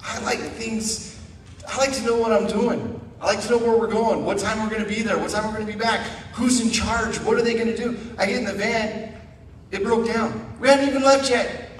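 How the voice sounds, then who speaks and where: A middle-aged man telling his testimony as a guest speaker at church, animated with asides. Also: sits high, a little fast, slight background noise. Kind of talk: personal testimony. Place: church sanctuary. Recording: echoey room, mic far off.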